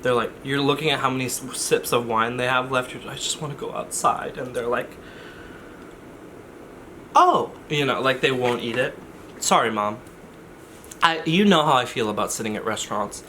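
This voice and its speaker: A man's voice: mid-range voice, brisk, sharp tone, a little hiss or hum. A man vlogging in a casual, rambling way, often interrupting himself with jokey asides. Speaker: YouTuber. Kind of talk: casual vlog chat.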